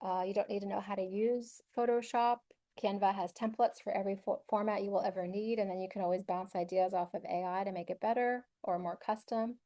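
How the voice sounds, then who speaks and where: A woman's voice: mid-range voice, steady tone, fairly quick, dark tone. A woman giving an instructional webinar presentation in an upbeat, conversational way, with frequent filler words.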